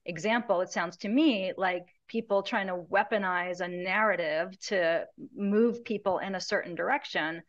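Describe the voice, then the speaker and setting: Woman, interview host, measured, reflective, slightly muffled audio. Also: medium pitch. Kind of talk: conversational interview.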